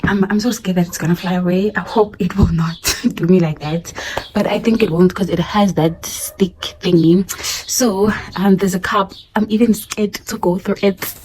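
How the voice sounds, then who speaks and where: A woman's voice: medium pitch, a little mellow, slight background noise, rough recording. A young woman, a primary school teacher, chatting casually to camera and laughing often, repeating her words as she talks. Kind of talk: casual vlog chat.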